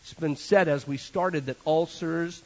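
A man preaching a sermon as pastor, an animated storyteller with joking asides. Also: on the high side, measured pace. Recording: dull lo-fi sermon recording.

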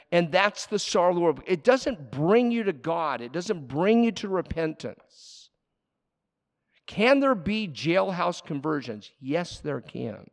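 A man preaching a sermon as a pastor, animated, swinging between loud emphasis and quiet asides. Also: high-pitched, a little slow. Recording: long hall reverb.

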